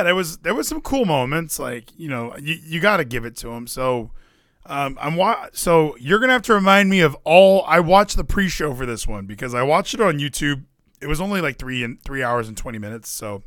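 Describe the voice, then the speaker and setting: A man co-hosting a casual wrestling podcast, rambling and excitable, with the odd swear. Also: a little high, no room sound, studio quality. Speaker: podcast co-host.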